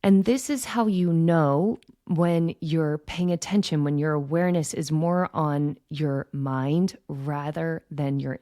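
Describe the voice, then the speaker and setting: Low gravelly woman teaching gently. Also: no room sound, clean studio sound. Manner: gentle, reflective, frequent "right?" check-ins. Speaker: podcast host and intuition coach. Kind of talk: calm teaching monologue.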